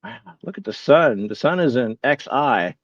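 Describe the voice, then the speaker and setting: A man's voice: mid-range voice, expressive, moderate pace, dry recording, muffled recording. A man hosting a casual live stream, musing aloud, reading chat replies and poking fun at his own confusion. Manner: bemused, self-mocking. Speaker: livestream host.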